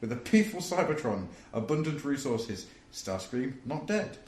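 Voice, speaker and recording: A man's voice: medium pitch, very animated, normal speed, darkish tone. A man co-hosting a casual comedy podcast, reading out listener suggestions with amused chuckles. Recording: roomy echo with faint room noise.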